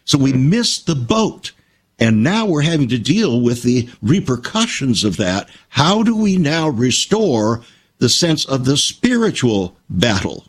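Older man, husky and lively storyteller. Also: medium pitch, measured pace. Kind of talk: reflective conversational talk.

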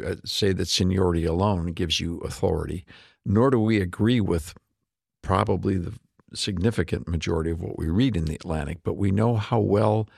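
Guy, real low gravelly voice, kinda husky, talks measured about faith and politics. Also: dry recording, clean studio sound. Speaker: talk show host. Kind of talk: political and religious commentary.

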